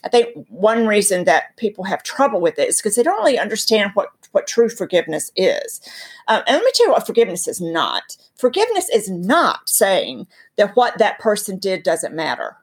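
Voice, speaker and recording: A woman with a Southern drawl, her voice soft and breathy, speaks as a guest about faith. She tells stories and drives her points home with preacherly emphasis, at a middling pitch. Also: very animated, moderate pace. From North Carolina. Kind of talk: earnest faith teaching in conversation.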